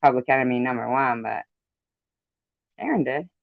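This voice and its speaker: A man's voice: mid-range voice, animated, moderate pace, gravelly, no room sound. A man delivering an angry, profane commentary rant, indignant and repetitive, on a dull lo-fi recording. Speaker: commentary vlogger. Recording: dull lo-fi sound.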